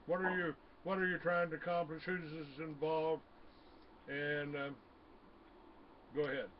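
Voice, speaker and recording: A man hosting a talk radio interview, reading a passage and then asking questions, halting with many fillers. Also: a little high, little pitch movement. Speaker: radio host. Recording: dull lo-fi radio audio with faint noise.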